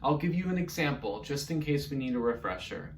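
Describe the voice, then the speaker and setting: A man teaching an online music lesson to young children, encouraging them through vocal warm-ups. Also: mid-range voice, expressive, a little fast, recorded from a distance, slight background noise.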